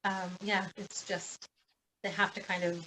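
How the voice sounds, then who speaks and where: A woman and adoptive parent gently reassures families in a casual video call webinar, using many fillers. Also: medium pitch, level tone, a little slow, a little hiss or hum, rough recording.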